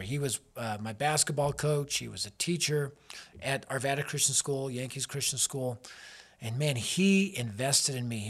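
A man in his fifties, a youth ministry leader giving an earnest, emphatic devotional talk woven with personal stories. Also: on the high side.

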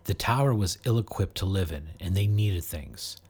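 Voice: deep voice, normal speed, slightly rough. A storyteller narrating an audiobook expressively. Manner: expressive, animated.

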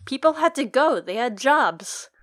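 A woman co-hosting a casual book podcast, recapping chapters conversationally and dropping into quick character voices. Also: high voice, lively intonation, fairly bright tone, no echo, studio quality. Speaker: podcast co-host.

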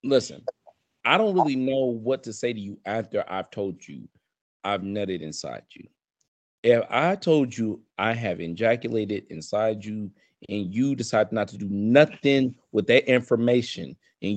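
A man, co-hosting a casual podcast chat and ranting in a profane, animated way. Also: fairly low pitch, unhurried, no echo. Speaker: podcast co-host.

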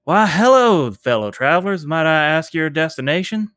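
A man's voice: a little high, lively intonation, normal speed, a bit bright, dry recording, studio quality, voice pushed up. A man voicing a zealous male preacher in robes, speaking in archaic, pious warnings. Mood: pious greeting.

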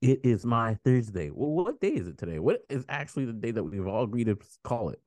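A man's voice: medium pitch, sing-song, fast, warm tone, dry recording. A man hosting a podcast, telling a story in casual chat, rambling with restarts and swearing. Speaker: podcast host.

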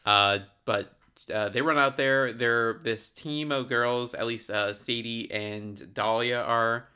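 A man's voice: mid-range voice, fairly even intonation, slow, sharp tone, clear, resonant tone. A man hosting a casual podcast, rambling and sarcastic as he walks through a bad movie, a bit tipsy. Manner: rambling, sarcastic, laughs often. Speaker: podcast host reviewing a movie. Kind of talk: casual chat.

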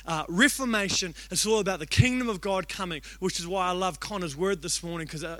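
A young man, a youth pastor telling a story in an energetic sermon, excitable and shouting out the lines he quotes. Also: high voice, no room sound. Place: church hall.

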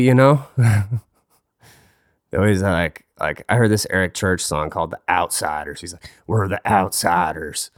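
A man's voice: low voice, dry recording, clean studio sound. A man hosting a casual solo talk, rambling and joking crudely, his voice stuffy from a cold. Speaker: podcast host.

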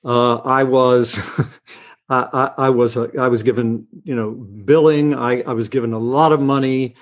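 An older man leans into a long anecdote as an interview guest, his voice sitting in an ordinary middle range. He hesitates often, restarting phrases and filling gaps with uhs. He pokes gentle fun at himself as he goes. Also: medium pitch, steady tone, measured pace. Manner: hesitant, full of uh and restarts, self-mocking. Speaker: guest actor. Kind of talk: relaxed anecdotal storytelling.

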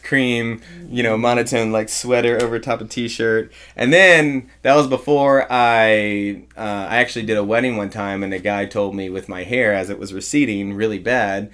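A man in his thirties, a pastor chatting casually and telling lively stories, acting out the voices of the people in them. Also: lowish voice, moderate pace, few pauses, smooth. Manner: animated storyteller acting out quoted voices. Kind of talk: casual podcast chat.

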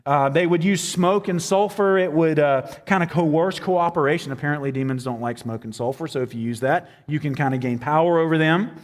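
A man's voice: a little high, brisk, few pauses, long reverb tail. A man preaching a sermon in a casual, conversational way, with fillers and quotes he acts out. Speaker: pastor.

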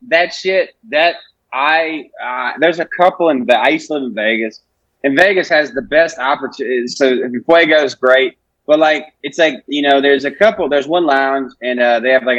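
A man's voice: mid-range voice, normal speed, a bit bright, dry recording, muffled recording. A man, a comedian chatting casually on a podcast and telling rambling, profane stories. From Alabama, US. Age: 20s. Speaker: comedian guest.

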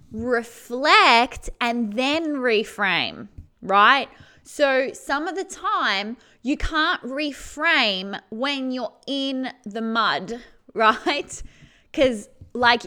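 Chatty lady vlogger, kinda high bright voice, curses a lot, keeps going "right?". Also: clean tone. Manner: chatty, swears freely, laughs often, dramatizes feelings. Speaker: vlogger giving self-help advice. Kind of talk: casual direct-to-camera chat.

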